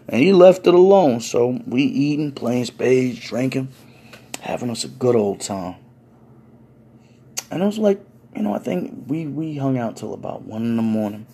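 Husky man telling a profane story. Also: medium pitch, expressive, moderate pace, dark tone. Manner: profane, laid-back, street slang. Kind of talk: casual comedic storytime.

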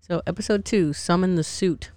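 A young woman hosting a casual podcast chat, animated, laughing often and swearing freely as she acts out scenes. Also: on the low side, normal speed, no echo. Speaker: podcast host.

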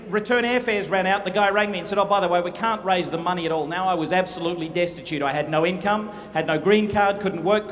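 A man giving a motivational speech at a business event, animated, humorous and dramatic in his storytelling. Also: high voice. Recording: echoey hall with faint noise.

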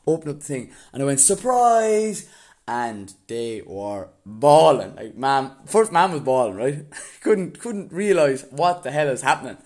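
A man's voice: medium pitch, animated, normal speed, darkish tone. A young man from Waterford with an Irish accent, casually telling a story to the camera and often breaking into laughter. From Ireland.

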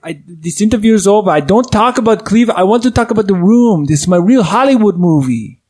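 A man putting on a self-important male movie actor with broken, halting phrasing who gets offended and walks out. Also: sits high, lively intonation, a little mellow. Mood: indignant.

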